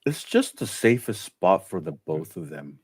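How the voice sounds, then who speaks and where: A man's voice: deep voice, very animated, measured pace, husky, dry recording, studio quality. A man in casual stream chat, blunt and joking, swearing freely.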